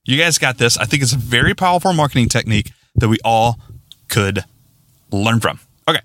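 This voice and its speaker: A man hosting his podcast alone, rambling and excitable, poking fun at himself as he signs off. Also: medium pitch, brisk, no room sound, studio quality. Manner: rambling, excitable, self-mocking. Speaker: podcast host. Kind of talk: casual solo podcast sign-off.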